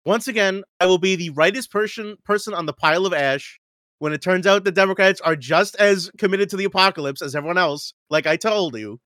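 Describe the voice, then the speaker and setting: A man co-hosting a casual political podcast, with loud, profane, jokey outbursts. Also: high voice, brisk, no room sound. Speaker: podcast co-host.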